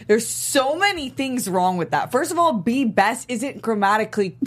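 A woman's voice: a little high, animated, normal speed. A woman co-hosting a casual podcast chat. She talks animatedly and breaks into laughter easily. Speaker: podcast co-host. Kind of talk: casual chat reviewing a comedy show.

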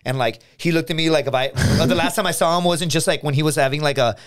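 An American man, a podcast co-host, telling a story in casual chat, animated and full of restarts, acting out his friends' lines. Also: a little high, fast talker, a crowd in the background. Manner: animated, restarts a lot, acts out quoted friends.

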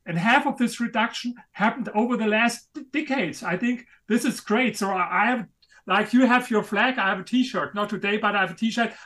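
A man with a German accent, a guest author making his case in an interview, speaking emphatically and a little haltingly. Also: high voice, a bit bright. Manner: emphatic, a bit halting, non-native grammar. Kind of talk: interview conversation.

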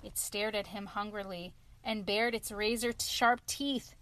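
A woman narrating a children's storybook aloud in a clear, expressive reading. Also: medium pitch, a little slow, no echo.

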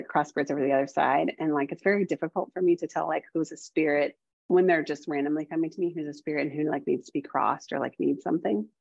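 A woman's voice: deep voice, creaky, no room sound. A woman guest talking casually on a podcast, rambling and filling her speech with "like". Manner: rambling, heavy use of "like". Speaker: guest, developing medium. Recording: dull lo-fi sound.

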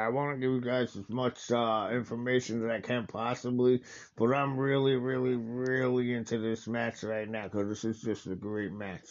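A man with a medium-pitched voice hosts a casual wrestling watch-along, rambling enthusiastically with plenty of fillers and restarts. The recording has its highs cut off.

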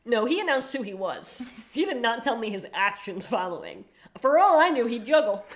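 A young woman co-hosts a podcast in loose, casual chat, playful and quick to joke. Her pitch is lively and moves around a lot. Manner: playful, riffs with jokes and quick laughs. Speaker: podcast co-host.

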